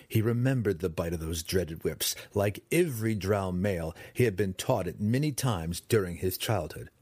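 A man narrating a fantasy audiobook in a dramatic, expressive reading style, close to the mic. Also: sits low, husky, no room sound.

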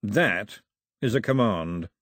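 A man voicing a newly crowned king who speaks in a slow, deliberate, commanding way, in an audiobook reading. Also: on the low side, lively intonation, a bit bright, no room sound, clean studio sound, full character voice. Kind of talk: audiobook character voice.

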